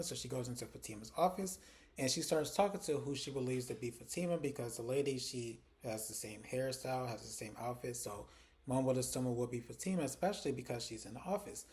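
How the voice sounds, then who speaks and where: A man's voice: medium pitch, fast. A man reviewing a TV episode in a casual, chatty way, retelling scenes and briefly acting out what the characters say. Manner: retells scenes, quoting characters in animated snippets; chatty and informal, heavy use of "like" and "she's like". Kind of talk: casual recap vlog.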